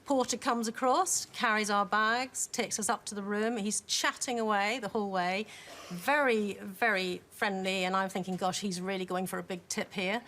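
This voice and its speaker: A woman from Northern Ireland, an audience member telling a funny anecdote with gentle amusement. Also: mid-range voice, fairly even intonation, normal speed, slight background noise.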